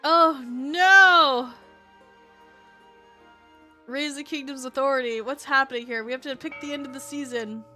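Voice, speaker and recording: High, bright-voiced excitable woman streamer. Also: quick pace, hardly any pauses, faint music behind. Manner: excitable, swears and laughs often. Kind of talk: casual live-stream gaming chat.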